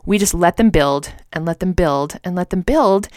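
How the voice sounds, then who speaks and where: A woman in her thirties co-hosting a faith talk show, telling a story in a lively way and acting out the voices of the people in it. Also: fairly low pitch, moderate pace, dry recording, clean studio sound. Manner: animated storyteller, acts out quotes. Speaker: co-host.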